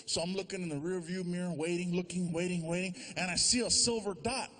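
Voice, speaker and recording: High-voiced animated stand-up man. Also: brisk. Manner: animated storyteller acting out voices. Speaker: stand-up comedian. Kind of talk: stand-up comedy storytelling. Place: large theater before a live audience. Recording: live show with loud crowd noise.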